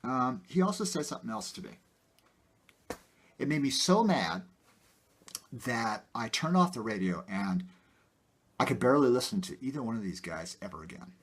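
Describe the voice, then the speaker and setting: A man talking casually to his viewers about his own life, rambling with many fillers and getting animated. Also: mid-range voice, normal speed, pauses often, slightly rough. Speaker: video host. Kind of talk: casual personal talk to camera.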